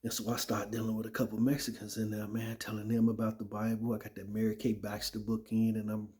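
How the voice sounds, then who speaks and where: Man with a dark, mellow voice. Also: lowish voice, completely flat delivery, fast. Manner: conversational, repeats "right?" and "man". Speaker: former soldier sharing his testimony. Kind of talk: casual spoken testimony.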